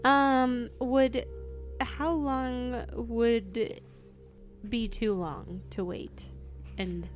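A woman's voice: a little high, steady tone, very slow, soft background music. A woman playing a tabletop game, talking through her character's actions in a hesitant, giggly way. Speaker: player.

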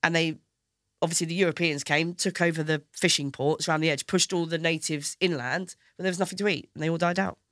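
Bright-voiced chatty woman, dry studio sound. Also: low voice, fairly even intonation, fast, no room sound. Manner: chatty, laughs often, restarts. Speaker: comedian guest. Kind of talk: casual chat.

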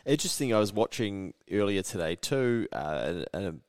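A young adult man with a New Zealand accent hosting a casual podcast chat, relaxed and swearing freely as he tells stories. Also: on the low side, normal speed, smooth, no room sound. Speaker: podcast host.

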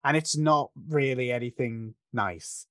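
A man breaks down a film scene in relaxed podcast conversation, thoughtful and analytical, often restarting his sentences. His voice sits at an ordinary middle pitch, and the recording is dry and close with no room sound. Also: unhurried, dry recording. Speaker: podcast co-host discussing a film. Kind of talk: casual film discussion.

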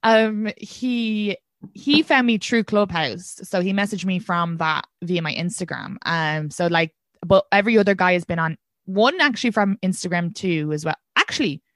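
A woman's voice: lowish voice, moderate pace, fairly bright tone, dry recording, clean studio sound. A young Irish woman hosting a podcast, chatting frankly and casually and swearing freely. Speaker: podcast host. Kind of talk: casual chat.

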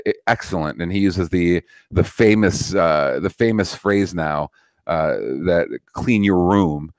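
A man's voice: low-pitched, dry recording. A man in his thirties hosting a podcast, talking in a profane, rambling way with many restarts. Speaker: podcast host. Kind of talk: casual political chat.

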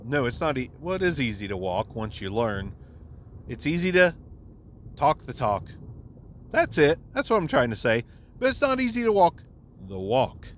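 A man's voice: fairly high pitch, sing-song, moderate pace, long pauses, a little hiss or hum. Man on a swearing rant. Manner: profane, exasperated rant with frequent swearing. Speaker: podcast host. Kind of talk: casual ranting monologue.

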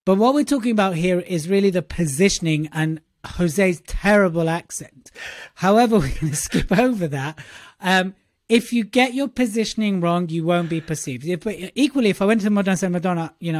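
Animated man coaching speakers on a podcast. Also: high-pitched, fairly quick, no echo, clean studio sound. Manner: animated, acts out quoted voices, repeats himself. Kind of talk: casual podcast chat.

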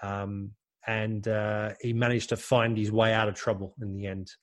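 A man with a fairly low voice tells football stories in a relaxed podcast chat. He rambles and corrects himself mid-sentence as the anecdote unfolds. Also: normal speed. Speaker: former footballer and co-host. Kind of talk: casual storytelling chat.

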